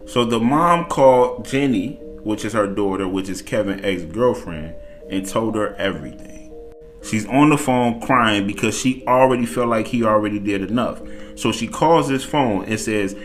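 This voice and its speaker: A man spins a messy cheating tale in an easygoing spoken style, putting a bit of drama into the quoted lines. His voice sits in a middle register. Quiet music plays underneath. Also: medium pitch, normal speed. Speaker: storyteller. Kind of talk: casual spoken storytelling.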